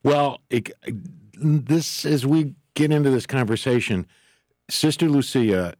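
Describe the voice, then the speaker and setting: A man's voice: mid-range voice, slow pace, darkish tone, no room sound, studio quality. A man guest telling a personal story in an interview, earnest and rambling, acting out the voices he quotes. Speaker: author and guest.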